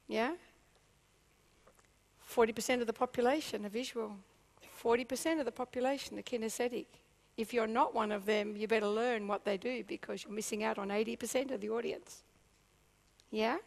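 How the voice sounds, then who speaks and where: Woman, high voice, business seminar speaker, animated, keeps asking the room "yeah?". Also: normal speed, vocal fry, pauses often. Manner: animated, checks in with the audience often. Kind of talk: seminar talk to a live audience.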